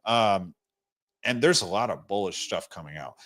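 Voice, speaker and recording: A man's voice: on the low side, animated, moderate pace, a bit bright. A young man hosting a casual crypto livestream, talking bluntly and rambling with many restarts, fighting the hiccups and short of breath.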